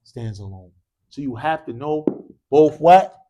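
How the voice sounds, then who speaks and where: A man's voice: fairly high pitch, lively intonation, measured pace, mellow. A man teaching an Arabic class. He drills students call-and-response style, mixing English with short Arabic phrases and quizzing the class with repeated "what?" prompts. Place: mosque classroom.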